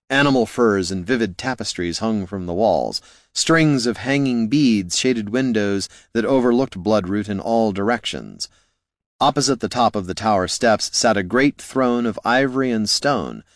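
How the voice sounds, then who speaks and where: A man reading fantasy fiction as an audiobook narrator in steady storytelling style. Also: on the low side, dry recording, clean studio sound.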